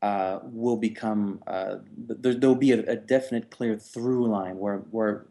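A podcast co-host shares his take on a film character in a casual movie discussion. His lowish, dark voice stays steady and a little slow, and he reasons thoughtfully with frequent hesitations.

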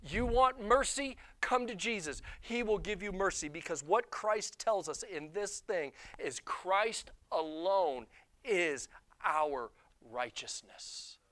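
Male pastor, high bright voice, lively sermon storyteller who acts out quotes. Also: slow pace. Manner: animated, self-deprecating, acts out quotes.

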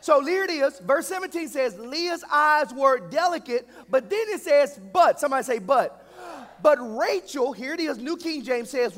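A man's voice: extremely high pitch, fairly bright tone. A male pastor delivering a humorous sermon, calling out for the congregation to answer back. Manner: humorous, call-and-response preaching. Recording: echoey hall.

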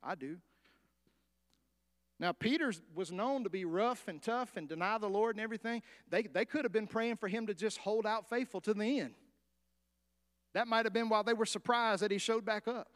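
A pastor preaching a sermon, animated, acting out the story and asking his congregation questions. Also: sits high, normal speed.

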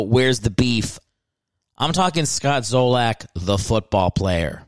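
A man's voice: medium pitch, smooth, dry recording, clean studio sound. A man hosting a solo comedy podcast, rambling and joking about himself, often restarting his sentences. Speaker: podcast host.

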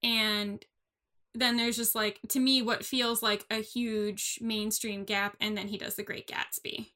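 A woman's voice: medium pitch, little pitch movement, sharp tone. A young woman co-hosting a casual movie chat, enthusiastic and chatty. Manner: enthusiastic, chatty, quick laughs.

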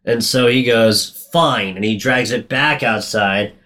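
A man in loose casual chat with a bright, forceful voice. He rambles and swears freely, and jumps into acting out the scenes he describes. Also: medium pitch. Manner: profane, rambling, quick to act out lines. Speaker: podcast co-host recapping a movie.

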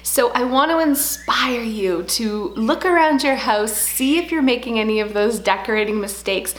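A woman in her thirties, a home decor vlogger telling a story in casual, animated chat. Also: on the high side, normal speed, a little hiss or hum. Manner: chatty, animated storytelling with laughs. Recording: echoey room.

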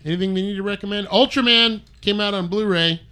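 A man hosts a loose group podcast, fond of jokes and tangents. His voice sits a little high for a man. He often talks over his co-hosts. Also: quick pace, pushed and bright, clear, resonant tone. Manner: jokey, rambling, talks over others. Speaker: podcast host. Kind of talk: casual group chat.

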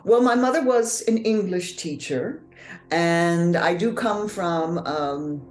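A middle-aged woman from New Orleans with a Mid-Atlantic accent and proper, measured diction, answering interview questions with pauses and fillers. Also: on the low side, a little mellow, reverberant. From New Orleans, USA. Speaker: actor and author, podcast guest.

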